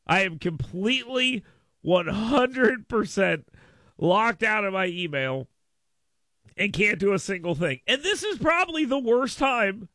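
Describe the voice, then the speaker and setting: A man's voice: high voice, sharp tone, no room sound. A man hosting a radio talk show, speaking casually into a studio microphone in a rambling, exasperated, self-mocking way.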